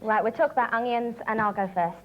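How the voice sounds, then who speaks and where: A woman's voice: fairly high pitch, steady tone. A woman in her twenties, a contestant on a TV game show, joking and talking casually. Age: 20s. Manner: playful, quick to joke. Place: TV studio. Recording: lo-fi early 90s TV broadcast, noisy.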